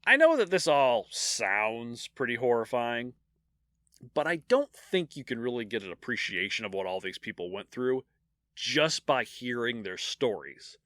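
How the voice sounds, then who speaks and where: Medium-pitched and a little slow, this podcast co-host tells grim history stories casually, animatedly joking about the dark details. The sound is studio quality with no echo.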